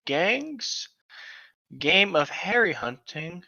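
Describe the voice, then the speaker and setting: Bright tense voice, tipsy, crude rambling fanfic reader, dull lo-fi recording. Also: mid-range voice, big pitch swings, extremely slow, creaky. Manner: crude, rambling, lots of filler. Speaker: podcast co-host reading aloud. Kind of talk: comedic fanfic reading with banter.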